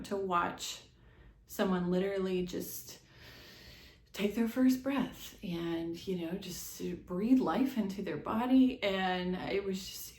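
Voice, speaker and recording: A young adult woman telling her own birth story in a chatty, animated way, with many quick asides and laughs. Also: mid-range voice. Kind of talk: casual storytelling to camera. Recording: echoey room.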